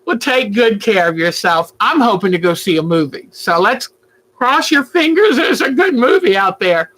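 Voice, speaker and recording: A woman, hosting a casual home livestream and chatting warmly with viewers about her day. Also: mid-range voice, sing-song, moderate pace, slightly rough, poor audio. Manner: chatty, talks baby talk to her pet bird. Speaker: quilting channel host. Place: at home, indoors.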